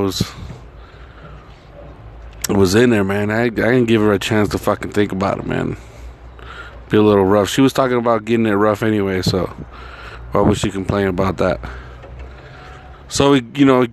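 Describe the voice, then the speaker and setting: A man's voice: on the low side, slight background noise. A man casually telling a rambling personal story, swearing constantly and filling gaps with "like" and "you know". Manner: rambling, profane, heavy filler words.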